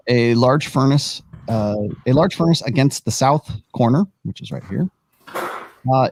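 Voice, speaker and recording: A man's voice: medium pitch, a little mellow. A man narrating as game master of a tabletop game, rambling and thinking aloud as he sets up the map.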